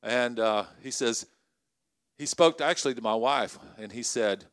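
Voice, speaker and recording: A middle-aged man preaching a sermon to college ministry leaders, conversational and energetic, often asking the crowd questions. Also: mid-range voice, normal speed, clean tone, no room sound. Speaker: pastor.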